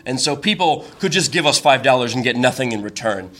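Bright-voiced man telling a rambling story. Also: mid-range voice, animated, a little fast. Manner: rambling, many fillers and self-interruptions; wry, incredulous asides. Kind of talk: comic personal storytelling.

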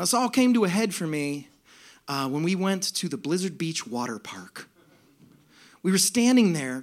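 A man telling a comic story live on stage in an animated, profane way. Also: sits high.

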